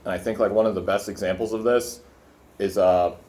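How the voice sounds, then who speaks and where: Low-voiced young man rambling while eating. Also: steady tone, brisk, a little mellow. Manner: rambling, profane, filler-heavy, talking while eating. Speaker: vlogger. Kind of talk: casual food vlog with rant. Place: his room indoors.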